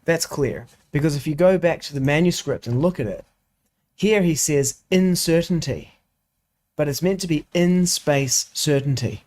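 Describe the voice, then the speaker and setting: A man's voice: fairly high pitch, lively intonation, moderate pace, darkish tone. Talkative man explaining text edits. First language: English. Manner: explanatory, thinks aloud with many restarts. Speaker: co-host discussing scripture editions. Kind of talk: casual study discussion.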